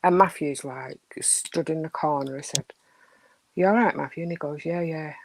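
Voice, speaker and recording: A middle-aged woman, chatting casually and telling stories with animated, hushed asides. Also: sits low, moderate pace, vocal fry, slight background noise, poor audio. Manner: animated storyteller, drops to a hushed voice. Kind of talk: casual chat, storytelling.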